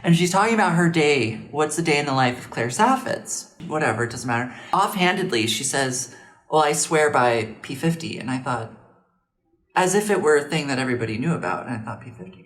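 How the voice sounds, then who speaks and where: Low-voiced chatty woman in her late 30s. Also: lively intonation, a little fast. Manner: chatty, meandering storyteller. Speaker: co-host. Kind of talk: casual podcast chat.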